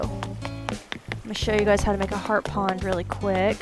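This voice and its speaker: A woman's voice: mid-range voice, fairly even intonation, fairly quick, over loud music. A woman hosting a gaming video, chatting casually and rambling upbeat while she plays. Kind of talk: casual gameplay commentary.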